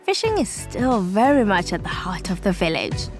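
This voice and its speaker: A woman reading a measured, scripted documentary voice-over. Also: medium pitch, very animated, music in the background. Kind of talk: scripted narration.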